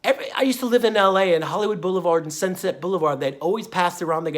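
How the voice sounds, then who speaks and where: A man's voice: sits high, very fast, few pauses. A man hosting his own diet vlog, talking in a folksy, meandering way full of fillers and drifting off topic. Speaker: vlogger and diet channel host. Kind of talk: rambling casual monologue.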